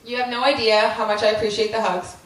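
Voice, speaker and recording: This young adult woman talks fast in a high-leaning voice with a flat delivery, offering heartfelt wedding thanks full of ums and small laughs. Recorded in a big reception hall, the audio is very echoey and distant, swamped by murmuring guests.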